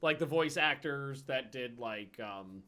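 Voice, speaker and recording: A man hosting a gaming video, telling rambling, profane anecdotes in a casual, animated way. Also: mid-range voice, slow pace. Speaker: gaming channel host. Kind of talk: casual storytelling over gameplay.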